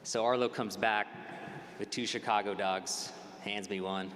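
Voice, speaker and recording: A man's voice: on the low side, flat delivery, moderate pace, fairly bright tone. Earnest man giving a eulogy in a hall. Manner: earnest, personal storytelling. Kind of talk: funeral eulogy. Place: large funeral hall. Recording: long hall reverb, faint noise.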